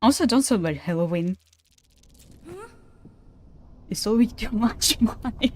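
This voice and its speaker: Over slight background noise, a streamer with a high-leaning, darkish voice and lively intonation talks at normal speed. She's playing a game on a casual livestream, chatty and giggly, talking to chat and laughing often.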